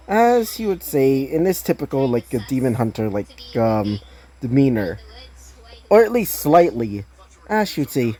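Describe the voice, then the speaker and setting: A woman's voice: extremely low pitch, sing-song, normal speed, dark tone. A woman casually reading her own fan-fiction story aloud, rambling with many fillers and laughing at her own slips.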